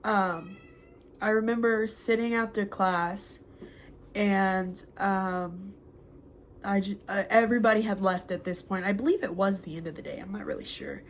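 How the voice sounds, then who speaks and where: A young woman slowly reading out a heartfelt spoken letter to a former mentor at home, halting and reflective, with many pauses. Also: medium pitch, steady tone, a little hiss or hum. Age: young adult. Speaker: former student addressing a mentor.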